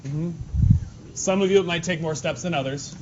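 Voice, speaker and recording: A male math teacher giving a lively, joking lesson to his class in a classroom. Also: fairly high pitch, normal speed. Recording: dull lo-fi classroom recording with faint noise.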